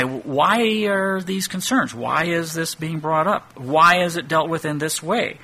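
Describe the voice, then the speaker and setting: A man's voice: high-pitched, gravelly, sharp tone. A middle-aged man giving an expository Bible teaching, thinking aloud and posing rhetorical questions.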